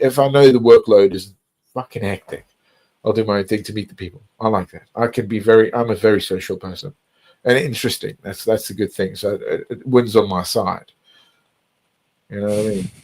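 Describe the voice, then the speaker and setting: Low-pitched man, loose rambling chat, frequent restarts and swearing. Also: steady tone, a little fast, a little mellow, poor audio. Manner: rambling, repeats words, swears often. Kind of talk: casual chat.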